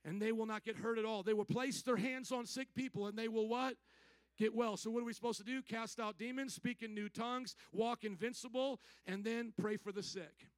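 High-voiced preaching man, call and response. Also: steady tone, fairly quick, no room sound. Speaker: pastor. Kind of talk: sermon. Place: church.

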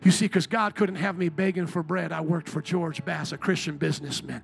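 A man preaching a sermon to a congregation, telling stories with joking asides, calling for responses and shouting at the peaks of praise. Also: on the high side, fairly even intonation, brisk, creaky, few pauses, breathy edge. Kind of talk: sermon with storytelling. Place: church before a congregation.

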